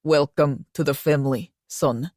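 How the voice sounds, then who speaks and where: A woman voicing an older Russian man who officiates a wedding as judge, speaking slowly and formally in a thick Russian accent. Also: low voice, darkish tone, no echo, studio quality, voice pushed down. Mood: jovial.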